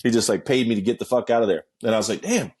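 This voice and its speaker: Husky man telling a rowdy story. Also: rapid-fire. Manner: animated, acts out quotes with sudden pitch jumps; swears freely, laughs mid-story. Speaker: interview guest. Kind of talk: casual storytelling.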